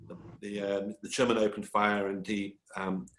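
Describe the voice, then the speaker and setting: A man's voice: lowish voice, level tone, moderate pace. A man, an author presenting his book in a talk with slides, tells a story vividly with frequent ums and restarts.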